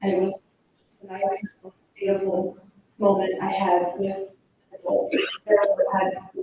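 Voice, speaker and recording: A woman giving an earnest, reminiscing personal eulogy at a funeral, pausing often with fillers as she speaks from a pulpit. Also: mid-range voice, completely flat delivery, distant mic, noisy background. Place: church chapel. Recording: very echoey chapel, speaker off-mic.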